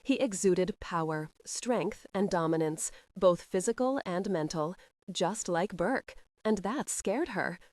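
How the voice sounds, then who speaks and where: A woman's voice: lowish voice, animated, slow, a little mellow, no room sound, clean studio sound. Woman narrating a romance audiobook. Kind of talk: scripted narration.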